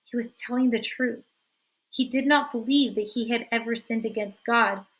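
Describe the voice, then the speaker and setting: A woman's voice: a little high, fairly even intonation, moderate pace, poor audio. Woman teacher reading a novel aloud.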